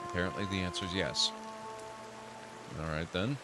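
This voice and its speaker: A man's voice: low voice, steady tone, normal speed. A man streaming a role-playing game, reading its narration aloud and adding dry asides. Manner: reads narration aloud steadily, then reacts with dry asides. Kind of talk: reading game text and casual commentary. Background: game music.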